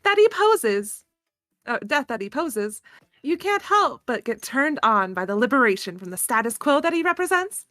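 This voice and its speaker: A woman's voice: high voice, sing-song, normal speed, a bit bright, no room sound, clean studio sound. A woman doing a sultry classy vampire lady. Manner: flirty, theatrical. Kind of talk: voice acting a game script.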